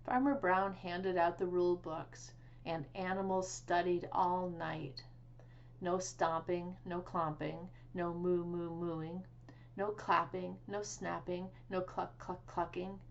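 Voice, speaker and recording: A woman librarian reading a picture book aloud for children, slow and expressive with sing-song animal sounds. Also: lowish voice, creaky, lo-fi sound, a little hiss or hum. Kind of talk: children's storytime read-aloud.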